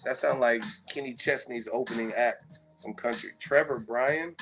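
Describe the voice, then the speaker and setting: A man's voice: medium pitch, moderate pace, a bit bright, breathy edge, soft background music. A man hosting a live-stream chat, rambling and profane as he riffs on viewer comments. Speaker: host.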